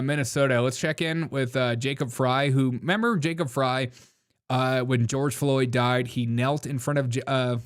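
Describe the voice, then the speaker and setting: Laughing mocking male show host. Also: medium pitch. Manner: mocking, laughs often, calls people dude. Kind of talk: casual live commentary show.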